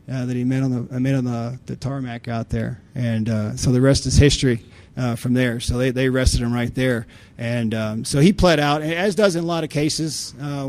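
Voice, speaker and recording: A man's voice: mid-range voice, darkish tone. A man giving a conference talk, telling blunt, folksy stories with many restarts and fillers. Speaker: conference speaker on insider threats.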